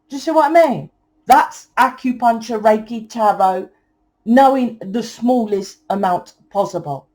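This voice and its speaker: A woman's voice: on the high side, a little slow, a little mellow. A woman giving a tarot reading, talking in a blunt, preachy, casual way and swearing freely. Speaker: tarot reader.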